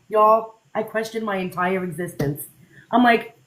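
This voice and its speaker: A young woman telling a story in a casual, animated way, with lots of fillers and quoted dialogue. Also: medium pitch, moderate pace, rough recording. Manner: chatty, animated, many fillers, repeats quotes. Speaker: social media creator telling a story. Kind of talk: casual storytelling on a live panel.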